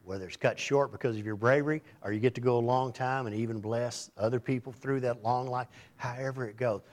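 A man's voice: medium pitch, fairly even intonation, fairly quick. Man preaching in a conversational tone. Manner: conversational preaching, dramatic quoted voices. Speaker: pastor. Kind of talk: sermon.

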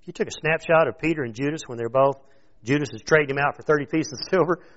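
Man preaching a casual, lively sermon. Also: fairly high pitch, fast talker. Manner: conversational, animated preaching that questions the audience. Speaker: pastor. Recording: dull lo-fi recording.

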